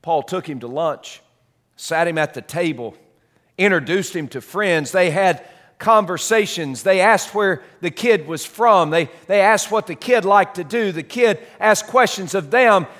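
A man preaching a sermon as a story, dramatic, swinging between loud and soft. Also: high voice, a little slow. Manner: dramatic, shifts loud and soft, repeats words.

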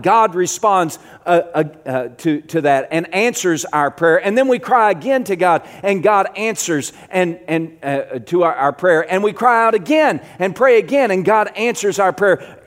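A middle-aged pastor preaching a sermon, moving from quiet, low passages to loud, emphatic ones, often repeating words as he builds.

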